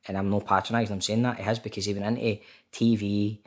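A man's voice: fairly low pitch, flat delivery, fast talker, a little mellow. Chatty Scottish man telling stories. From Scotland. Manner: chatty storyteller, keeps saying mate, swears freely. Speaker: actor guest. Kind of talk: casual chat. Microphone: remote call.

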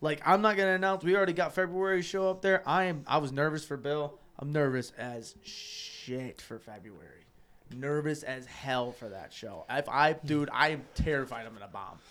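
A man's voice: on the high side, moderate pace, fairly bright tone. Laughing, profane young man on a podcast. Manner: loose, profane, laughing storyteller. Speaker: podcast co-host. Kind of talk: casual chat.

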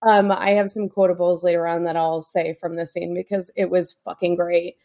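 A woman's voice: on the low side, level tone, normal speed, warm tone. A woman, co-hosting a casual TV recap podcast, chatty and swearing freely, with lots of "like" and "um". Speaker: podcast co-host.

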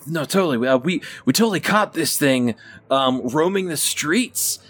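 A man narrating as the game master of a tabletop game, chatty and lively with many fillers. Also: on the high side, normal speed.

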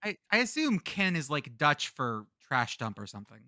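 Joking co-host, male, bright lively voice, dry close mic. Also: on the high side, normal speed, dry recording. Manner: quippy, joking. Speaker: podcast co-host. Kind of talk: casual comedy podcast chat.

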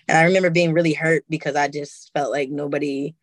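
A woman's voice: deep voice, steady tone, fast, no echo. A young woman musician speaking candidly and emotionally in a casual interview, swearing freely. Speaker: musician guest.

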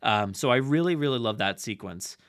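A man's voice: mid-range voice, lively intonation, fairly quick. A man hosting a podcast, chatting casually and laughing often while he talks. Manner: chatty, laughing, restarts a lot. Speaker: podcast host. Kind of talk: casual chat.

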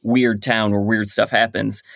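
A man's voice: lowish voice, flat delivery, a little slow, creaky, fairly bright tone, no room sound, clean studio sound. A man being interviewed on a podcast about his work, explaining his ideas at length in casual chat. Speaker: guest comic creator.

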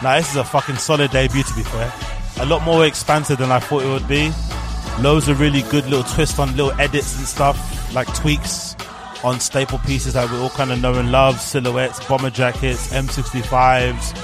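A man's voice: medium pitch, level tone, normal speed. Young guy, loose slangy commentary, swears a lot, faint music underneath. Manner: candid, slangy, swears freely. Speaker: podcast host. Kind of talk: casual live reaction commentary.

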